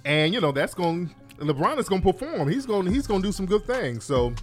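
Brief: male host from LA, lively swinging pitch, loose profane banter, music under the talk. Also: quick pace. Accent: Los Angeles. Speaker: show host. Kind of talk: casual chat. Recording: music playing behind.

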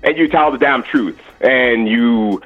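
A man's voice: mid-range voice, measured pace, soft background music. A man from Canada calling in to a show, talking with many restarts and fillers. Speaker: caller. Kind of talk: call-in chat. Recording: dull lo-fi phone line.

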